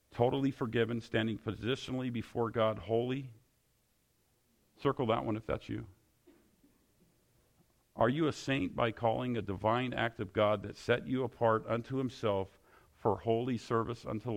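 Gravelly-voiced preacher man. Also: mid-range voice. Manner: repetitive, emphatic questioning. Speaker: pastor. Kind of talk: sermon.

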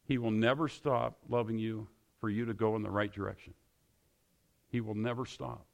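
A man's voice: on the low side, steady tone, normal speed, gravelly. A male pastor preaching a sermon, pressing his listeners with repeated, emphatic questions.

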